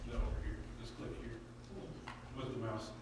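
A man teaching a Bible class in a relaxed, conversational way. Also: on the low side, moderate pace, very noisy. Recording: echoey room.

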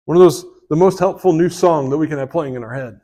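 A man delivers a sermon. His voice sits a bit high for a man, and he talks in a casual, folksy way, breaking off into asides and restarts. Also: quick pace, warm tone. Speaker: pastor.

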